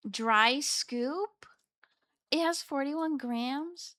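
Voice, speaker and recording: Bright high-voiced woman, playful streamer. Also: animated, slow, dry recording, studio quality. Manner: playful, chatty, meows between chat replies. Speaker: live streamer reading chat. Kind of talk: casual live-stream chat.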